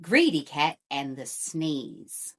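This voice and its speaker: A woman reading a picture book aloud to children in an expressive, sing-song, inviting way. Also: sits low, takes it slowly. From New Zealand. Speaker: children's storyteller. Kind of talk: read-aloud storytime for children.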